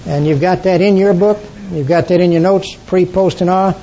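An older man with a somewhat high, mellow voice and fairly even intonation leads a Bible study class. He halts often, with many "uh" fillers and throat clearing, and the lo-fi recording sounds dull with a faint rumble underneath.

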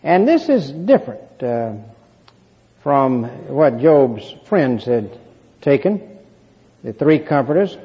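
A man giving a measured Bible lesson, explaining verses and reading scripture aloud. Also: mid-range voice, very animated, breathy edge. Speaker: Bible teacher. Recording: muffled recording in a reverberant hall.

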